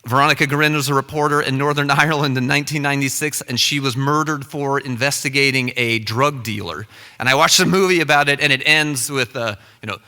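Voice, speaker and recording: A man's voice: medium pitch, fast talker, sharp tone, smooth, in a large hall. A young man telling a comic, self-deprecating story live on stage.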